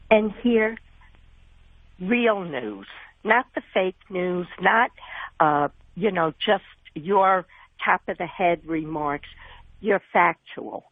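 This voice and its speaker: A woman's voice: fairly low pitch, no echo. A woman with a New York accent calling in to a radio show, chatty and effusive. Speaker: caller. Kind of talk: radio call-in. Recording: tinny phone line.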